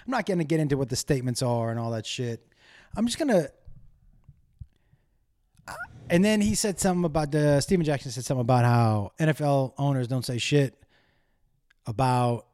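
A man's voice: mid-range voice, normal speed, long pauses, darkish tone. Rambling man telling crude stories. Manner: rambling, digressive, self-deprecating, crude humor. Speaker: solo podcast host. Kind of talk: casual storytelling monologue.

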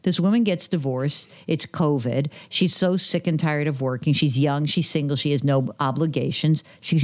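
Chatty storytelling woman, lowish voice. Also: moderate pace, few pauses, darkish tone. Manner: chatty, acts out quoted dialogue, many fillers. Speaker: guest, personal finance author. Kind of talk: conversational podcast storytelling.

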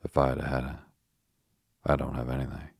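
A man voicing a blunt, scornful young boy who talks briskly and grumbles. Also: very deep voice, completely flat delivery, vocal fry, husky, dry recording, studio quality, heavily acted.

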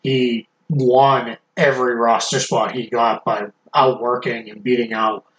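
A man hosting a casual podcast chat, eager and quick to plug his work, with frequent restarts and a case of the hiccups. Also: medium pitch, level tone, fairly bright tone, roomy sound, muffled recording. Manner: eager, self-promoting, many restarts. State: has the hiccups. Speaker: podcast host.

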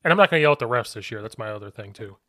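Football coach guy telling stories, acts out the yelling, pretty dry mic sound. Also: fairly low pitch, racing, no room sound. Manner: animated storyteller, acts out shouted quotes. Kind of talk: casual podcast chat.

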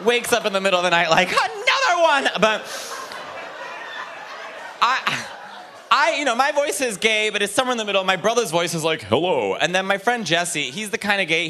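A man performing stand-up on a club stage, talking in a high, bright voice that leaps all over the place. His delivery is campy and animated, with a faint hiss underneath. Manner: animated and campy, with quick jokes. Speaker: stand-up comedian. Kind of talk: stand-up set.

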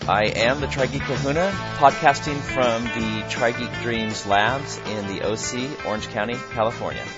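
A man co-hosting a podcast, upbeat and energetic in his opening and chat. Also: mid-range voice, normal speed, dull audio, loud music behind the voice. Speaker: podcast co-host.

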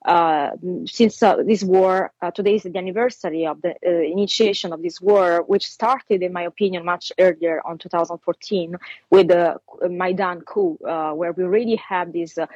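A woman's voice: on the low side, steady tone, moderate pace, darkish tone, no echo, muffled recording. A woman guest on a radio talk show, giving her opinions hesitantly with many fillers. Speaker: guest commentator.

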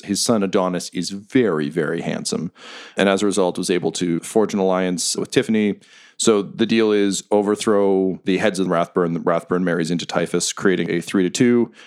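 A man narrating a tabletop game as game master in a relaxed, descriptive manner. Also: sits low.

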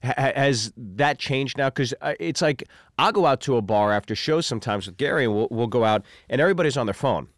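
A man's voice: mid-range voice, expressive, no room sound. Male host, 40s; joking, teasing, mid-range voice, dry close sound. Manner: joking, rapid, teasing questions. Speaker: podcast host. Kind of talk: casual podcast chat.

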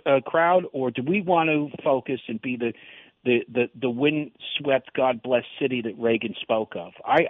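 A man's voice: medium pitch, dry recording. Earnest man calling in on a phone line. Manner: earnest, halting, many restarts. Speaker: caller. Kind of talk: phone-in radio call.

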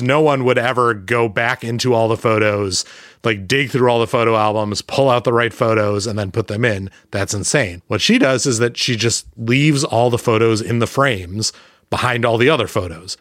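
Chatty man with a lowish voice. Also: a bit bright, no room sound, clean studio sound. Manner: chatty, enthusiastic, fillers like 'like'. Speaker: podcast co-host. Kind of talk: casual chat.

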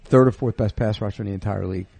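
A man's voice: fairly low pitch, rapid-fire, vocal fry, dark tone, slightly rough, dry recording. A middle-aged man talking football as an analyst, blunt and sure of his opinions. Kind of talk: casual sports chat.

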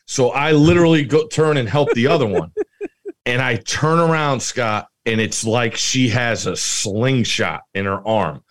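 A man's voice: medium pitch, unhurried. A middle-aged man co-hosting a podcast, telling stories animatedly and often breaking into laughter. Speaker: podcast co-host. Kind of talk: casual chat.

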